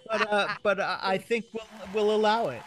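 A man's voice: high voice, moderate pace, crowd noise. Easygoing man in podcast banter. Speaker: podcast co-host. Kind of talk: casual banter.

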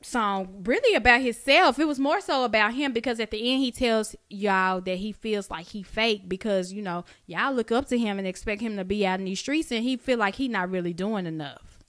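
A woman's voice: medium pitch, normal speed, a bit bright, dry recording, studio quality. A young woman co-hosting a podcast in casual, joking chat, full of slang, acting out quotes. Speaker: podcast co-host.

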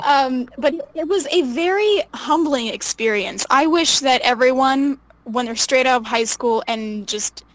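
A young woman telling stories casually as an interview guest, animated, laughing often and acting out what people said. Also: high-pitched, unhurried, hardly any pauses, no room sound, poor audio. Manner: animated, laughs often, acts out quoted voices. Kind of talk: casual storytelling.

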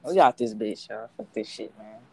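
A woman's voice: a bass voice, normal speed, noisy background. A woman co-hosting a casual chat in a laid-back, wry manner.

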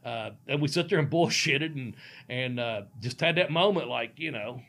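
A man's voice: mid-range voice, lively intonation, normal speed, fairly bright tone. A middle-aged man, a former pro wrestler, telling a rambling, profane story and laughing often. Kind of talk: casual storytelling.

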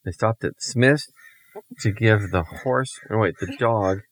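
Deep-voiced man telling a silly bedtime tale. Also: measured pace, poor audio. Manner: playful, deadpan silly. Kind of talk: improvised bedtime storytelling.

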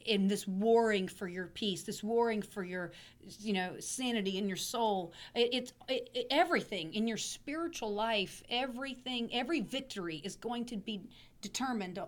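Hoarse woman pastor, rambling teaching. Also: mid-range voice, moderate pace. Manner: rambling, repeats words, clears throat. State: hoarse from laryngitis. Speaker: pastor, podcast guest. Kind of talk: casual teaching chat.

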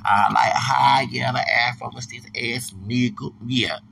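A man with a heavily gravelly, fry-laden voice and a forceful, tense edge rants heatedly on his own podcast. He vents in circles, coming back to the same points. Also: mid-range voice, steady tone, measured pace. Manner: heated, ranting, repeats himself. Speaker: podcast host. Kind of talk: angry monologue rant.

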